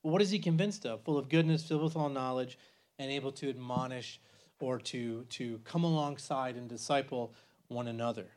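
A man's voice: medium pitch, a little fast, darkish tone. A man in his forties teaching a church bible class in a conversational way, with many restarts and frequent "right?" checks.

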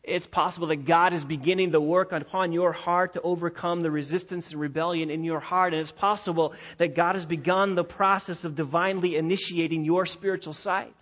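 A pastor delivering a sermon in a church, emphatic and repeating key phrases, slowing down to stress his points. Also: fairly high pitch, fairly even intonation, fairly bright tone. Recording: dull lo-fi recording.

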